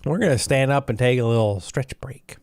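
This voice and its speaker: A man's voice: mid-range voice, a little fast, a little mellow, dry recording. Man streaming a story game. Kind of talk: casual game commentary.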